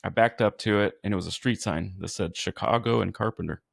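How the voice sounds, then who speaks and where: Man, from California, low gravelly voice, earnest easygoing storyteller, firefighter guest, dry close sound. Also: a little fast, no echo. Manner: earnest, self-described goofy, easygoing. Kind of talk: casual storytelling.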